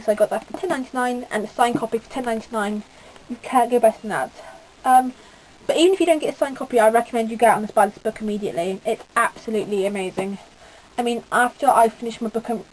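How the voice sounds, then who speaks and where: A woman's voice: on the high side, slight background noise, low-quality recording. A teenage girl from the UK giving a rambling, gushing casual book review with lots of fillers. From United Kingdom. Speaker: book vlogger.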